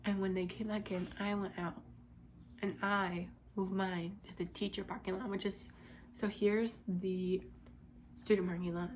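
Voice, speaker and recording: A young woman recounts a bad day at school in a loose, rambling way, leaning on "like" as she goes. Her voice sits at a middle pitch, and a faint hiss of noise runs behind her. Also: flat delivery, a little slow. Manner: rambling, frustrated, lots of "like". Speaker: vlogger. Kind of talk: casual storytime.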